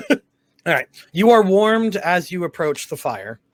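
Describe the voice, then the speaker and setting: Laughing dungeon master with a dry sound. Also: male voice, high-pitched, sing-song, slow pace, dry recording. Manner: laughs often, voices NPCs in shifting accents. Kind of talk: narrating a tabletop game.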